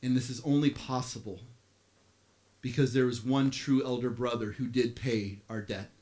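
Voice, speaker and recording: A man preaching a sermon as pastor, animated, with playful asides, swinging from quiet stretches to shouting. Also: mid-range voice, normal speed.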